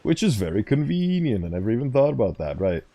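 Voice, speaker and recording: A man's voice: medium pitch, big pitch swings, fast, dark tone. A man giving casual, rambling commentary over a game, easily sidetracked and reading on-screen text aloud. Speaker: gaming streamer.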